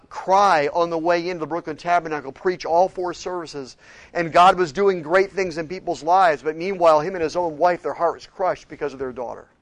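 A man preaching a sermon, retelling stories of changed lives with quoted dialogue and shifts between hushed and emphatic moments. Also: a little high, no echo. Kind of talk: sermon storytelling.

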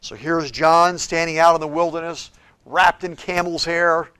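A man preaching a sermon as a pastor in a church, shifting between loud, emphatic declarations and quiet, hushed passages. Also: on the high side, little pitch movement, a little slow, clear, resonant tone, no echo. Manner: preaches with big swings from shouting to hushed tones.

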